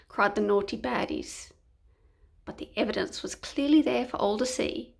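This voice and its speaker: A woman's voice: medium pitch, normal speed, creaky. A woman reading a picture book aloud to children, playful and sometimes dropping to a whisper. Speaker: storyteller.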